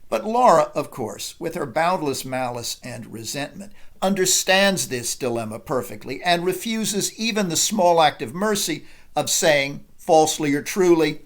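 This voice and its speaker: A man giving a deliberate, analytical literature lecture as a professor. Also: fairly high pitch, animated, fairly bright tone.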